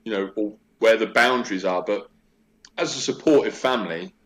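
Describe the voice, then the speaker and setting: Brief: man in his forties, low voice, chatty and animated storyteller, casual interview guest. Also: moderate pace.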